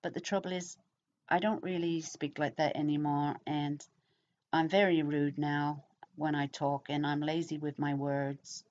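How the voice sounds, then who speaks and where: A woman's voice: deep voice, flat delivery, unhurried, darkish tone. A middle-aged woman from England with an English accent, chatting casually to camera in a rambling way with many fillers. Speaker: vlogger. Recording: dull lo-fi sound.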